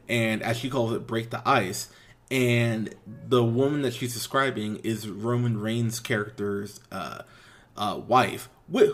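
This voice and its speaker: A man hosting a movie podcast, recapping a comedy's plot in a casual, blunt and exasperated way, with frequent swearing and lots of "um" and "uh". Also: mid-range voice. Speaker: podcast host, film reviewer. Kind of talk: casual movie review, unscripted.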